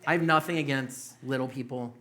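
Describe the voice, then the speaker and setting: A man's voice: mid-range voice, steady tone, brisk, sharp tone, a little hiss or hum. A young man doing a stand-up set in a small comedy club, telling loose, profane stories with mocking quoted voices.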